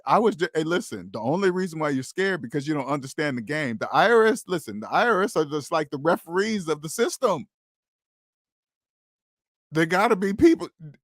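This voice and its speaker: A man's voice: on the high side, no room sound, studio quality. A man hosting a casual livestream, talking to viewers in an emphatic, preachy way and repeating his points. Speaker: host of a personal finance livestream.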